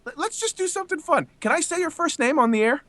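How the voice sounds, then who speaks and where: A man's voice: extremely high pitch, lively intonation, quick pace, a bit bright. A man co-hosting a podcast in casual chat, joking and teasing the others. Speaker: podcast co-host.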